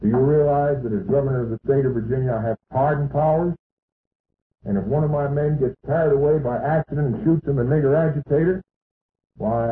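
A man's voice: medium pitch, a little hiss or hum. A man giving an emphatic, boastful rally speech to an audience in a meeting hall. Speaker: political speaker. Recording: tinny, echoey archival hall recording.

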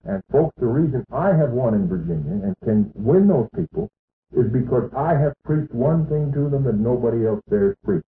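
A man's voice: mid-range voice, lively intonation, normal speed. A man giving an emphatic, boastful rally speech to an audience in a meeting hall. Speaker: political speaker. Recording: tinny, echoey archival hall recording.

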